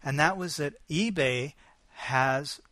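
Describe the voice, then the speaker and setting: A man's voice: on the high side, takes it slowly, pushed and bright, no room sound. Upbeat male podcast co-host, dry sound. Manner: friendly, upbeat interviewer with fillers. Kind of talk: casual podcast chat.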